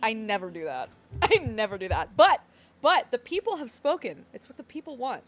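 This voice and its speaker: A woman's voice: fairly high pitch, big pitch swings, moderate pace, a little hiss or hum. A young woman streaming live, chatting casually and giggling as she greets her viewers.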